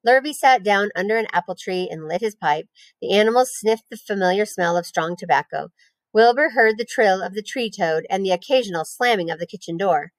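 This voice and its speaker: A woman teacher reading a children's novel aloud in a gentle, unhurried storybook manner. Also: mid-range voice, dry recording, poor audio.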